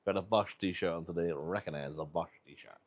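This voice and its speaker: A man's voice: low voice, a little slow. A British man hosting a livestream, chatting casually and rambling, swearing freely. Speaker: livestream host.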